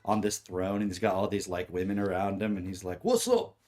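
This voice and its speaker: Homem brincalhão de voz grave. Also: male voice, low-pitched, flat delivery, a little fast, a little mellow. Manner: jokey, riffing on the others' bits. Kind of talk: casual podcast discussion.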